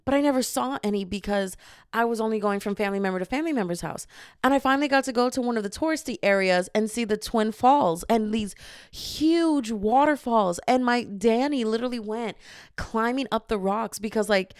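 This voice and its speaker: A young woman hosting her own show, telling a funny travel story in a casual, animated way with quick asides and laughter. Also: mid-range voice, clear, resonant tone, dry recording, clean studio sound. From family from Dominica. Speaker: podcast host.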